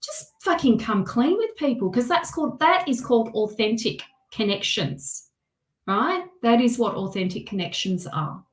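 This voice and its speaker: A woman's voice: a little high, lively intonation, moderate pace, echoey room, poor audio. A woman doing a casual tarot reading, talking candidly to viewers by name, with frequent laughs and swearing. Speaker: tarot reader.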